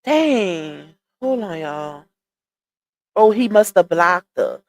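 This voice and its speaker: A woman's voice: on the low side, expressive, slow pace, darkish tone. A woman hosting a casual livestream, chatting with viewers, reading comments aloud and laughing often. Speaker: livestream host.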